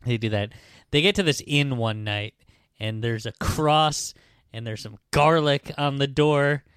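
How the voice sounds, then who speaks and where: A man's voice: mid-range voice, a bit bright, clear, resonant tone, no echo, clean studio sound. A man hosting a podcast, casually retelling a book's plot in a loose, rambling way with some swearing. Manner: rambling, profane retelling with quick put-on character voices. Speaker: podcast host. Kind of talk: casual book-recap chat.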